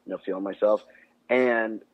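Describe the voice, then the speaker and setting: Podcast co-host, male, lively and jokey, husky voice, muffled Skype audio. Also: on the low side, moderate pace. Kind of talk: casual chat. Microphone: Skype call.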